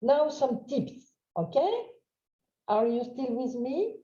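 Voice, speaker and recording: A woman with a French accent giving a webinar lecture, halting with many fillers and checking in with "huh?". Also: high-pitched, lively intonation, dark tone. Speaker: webinar trainer. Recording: roomy, dull lo-fi sound.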